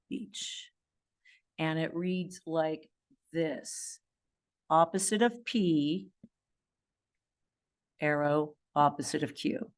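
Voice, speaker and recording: A woman math teacher talks slowly and with emphasis, leaning hard on key words as she walks students through a lesson. She keeps reassuring them and urging them to follow along. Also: deep voice, a little mellow. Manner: encouraging, emphatic, stresses key words with hand signals. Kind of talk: classroom lesson video.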